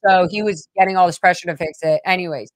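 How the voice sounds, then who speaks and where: A woman's voice: on the low side, steady tone, quick pace, no echo, low-quality recording. A woman hosting her own vlog, telling a personal story in a rambling, emotional way with many fillers and restarts. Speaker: vlog host.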